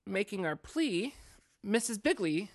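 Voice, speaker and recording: Woman cohost rambling through a story, chatty, lots of fillers, medium pitch, dry sound. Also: measured pace, no echo. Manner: chatty, animated, many fillers. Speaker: podcast co-host. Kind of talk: casual chat, retelling a story.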